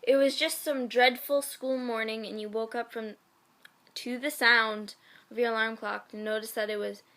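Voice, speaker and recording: A woman's voice: fairly high pitch, steady tone, moderate pace, fairly bright tone. A woman reading fan fiction aloud in a casual way, often breaking off to giggle and comment on the text. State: sick.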